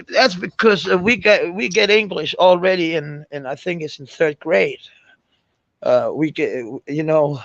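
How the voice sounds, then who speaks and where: A Danish man speaking English with a Danish accent tinged with American, chatting casually with viewers, halting and searching for words with many fillers and restarts. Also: fairly high pitch, no room sound, highs cut off. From Denmark. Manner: swears casually. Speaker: live-stream host chatting with viewers. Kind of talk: casual chat.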